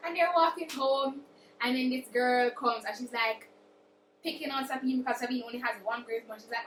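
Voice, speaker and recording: A woman's voice: high voice, steady tone, moderate pace, fairly bright tone, a little hiss or hum. A young woman, chatting through a dramatic, casual book recap. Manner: chatty, dramatic retelling with acted quotes. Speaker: book vlogger. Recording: roomy echo, distant mic.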